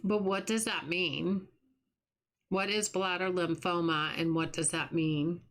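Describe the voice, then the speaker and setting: A woman's voice: on the low side, steady tone, unhurried. A middle-aged woman hosting a livestream, chatting casually and sympathetically with her chat while she plays. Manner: warm, sympathetic, chatty with restarts. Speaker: livestream host.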